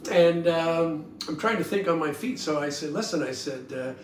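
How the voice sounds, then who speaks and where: A man's voice: on the high side, lively intonation, normal speed, slight background noise. Chuckling older man telling stories. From Toronto, Canada. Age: 70s. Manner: folksy, chuckling, lots of ums and uhs. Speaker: podcast host. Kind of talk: rambling personal storytelling. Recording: roomy sound from a distant mic, faint guitar music.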